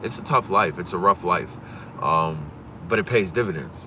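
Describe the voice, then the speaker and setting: A man from Pennsylvania talking fast and profanely on a casual livestream, swaggering and rambling, recorded on a phone outdoors. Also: low-pitched, animated, noisy background.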